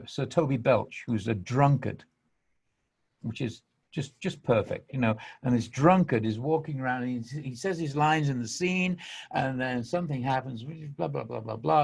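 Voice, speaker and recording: An English man telling a spiritual story as host of a podcast, earnest and emphatic. His voice is strongly gravelly and has a husky edge. He moves between hushed and animated delivery. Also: medium pitch. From England.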